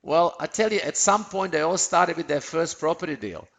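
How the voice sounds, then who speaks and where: A man's voice: on the high side, normal speed, vocal fry, fairly bright tone. A man presenting a sales webinar, upbeat and persuasive, often asking his listeners rhetorical questions.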